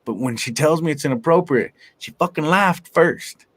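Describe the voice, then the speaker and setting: Guy comic swearing a lot, pretty high voice, loud and animated. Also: moderate pace. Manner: brash, profane, animated, laughs often. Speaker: stand-up comedian, guest. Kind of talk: casual interview chat.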